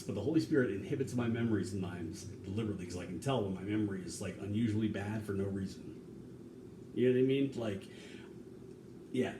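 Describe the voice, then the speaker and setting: A man talking in a rambling, casual way, swearing now and then, with sudden loud bursts and some humming and scatting. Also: on the low side, distant mic. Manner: hums and scats tunes between talking. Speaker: vlogger cooking on camera. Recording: echoey room, off-mic, faint hum.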